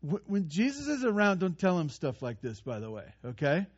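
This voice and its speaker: Animated preacher man, slightly high voice. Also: a little fast, breathy edge, highs cut off. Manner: conversational, animated, with frequent restarts and playful asides. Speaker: pastor. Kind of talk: sermon.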